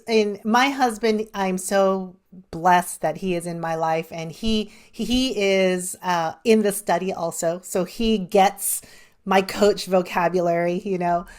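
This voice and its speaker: A woman's voice: fairly low pitch, darkish tone. A middle-aged woman, a life coach and podcast guest, telling personal stories earnestly and laughing often. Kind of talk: podcast interview.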